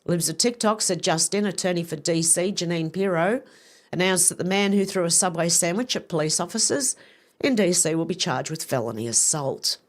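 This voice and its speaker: A woman's voice: fairly low pitch, moderate pace. Woman, livestream host; casual news commentary, blunt and profane. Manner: reads posts aloud with blunt, profane asides.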